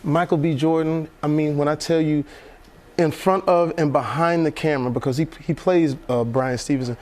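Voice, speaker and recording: A man from Texas, an actor guest on a morning TV show, telling animated stories with frequent laughs and restarts. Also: on the high side, moderate pace. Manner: animated storyteller, laughs often, many restarts. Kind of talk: casual chat on a morning TV show.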